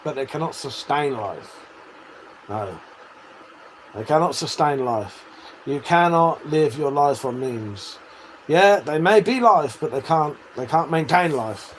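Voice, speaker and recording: Reading viewer comments on his livestream, a man with a voice on the high side laughs often, swears freely, and trades banter with chat. There's slight background noise and the recording quality is low.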